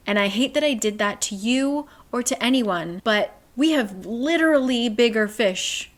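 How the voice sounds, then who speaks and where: A woman's voice: fairly high pitch, expressive, a little slow. A woman voicing an exasperated young merman who talks bluntly, swears and rambles apologetically. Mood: apologetic.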